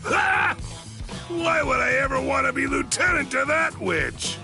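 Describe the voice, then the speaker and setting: An actor playing a gruff, hard-drinking male warrior in a video game, who scolds and shouts. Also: sits high, sing-song, a little slow, faint music behind, full character voice.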